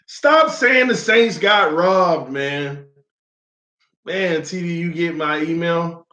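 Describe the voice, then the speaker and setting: A man hosting a live fan stream, slightly hoarse from losing his voice, greeting viewers by name in loose slangy chat and getting loud when he argues. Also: on the high side, lively intonation, slow pace, roomy sound. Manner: gets loud and heated when arguing a point.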